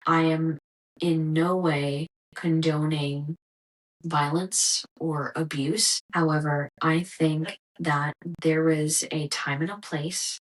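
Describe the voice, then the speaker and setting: A woman's voice: low-pitched, fairly even intonation, slow, rough recording. A young woman hosting a podcast, ranting in a casual, exasperated monologue full of swearing. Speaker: podcast host.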